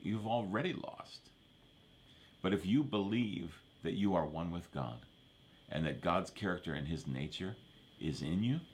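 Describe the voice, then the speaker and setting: A man preaching a sermon in a conversational way, often repeating verses and asking the listeners to agree. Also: low voice. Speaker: pastor.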